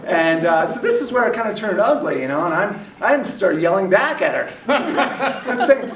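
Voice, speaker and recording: A man telling a personal story to a live workshop audience, animated and self-mocking. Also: high-pitched, fairly quick, a crowd in the background. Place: library workshop room. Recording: echoey room, distant mic, faint noise.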